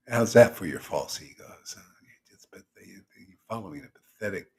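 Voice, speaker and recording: A man's voice: low-pitched, lively intonation, moderate pace, gravelly. A man as spiritual teacher, giving a casual, teasing devotional sermon to an online group.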